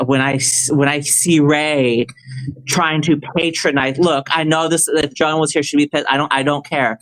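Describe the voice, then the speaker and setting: A man with a slightly high voice talks on a livestream, rambling, stumbling over his words and restarting often. When he rants, his tone turns heated and confrontational. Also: rough recording. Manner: rambling, with many restarts and stammers. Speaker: livestream guest answering a question. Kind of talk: casual livestream chat.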